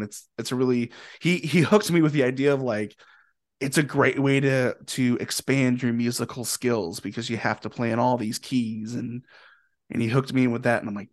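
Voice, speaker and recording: A young man from Indiana, a podcast guest and musician, telling stories in a rambling, animated way and swearing freely. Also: medium pitch, moderate pace. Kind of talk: casual storytelling.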